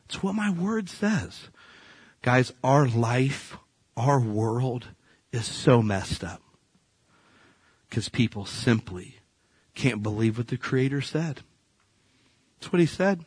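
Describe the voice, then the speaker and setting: A male pastor preaching a sermon, telling Bible stories in an animated way that swings from hushed to loud. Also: medium pitch, unhurried, long pauses, breathy edge, no echo.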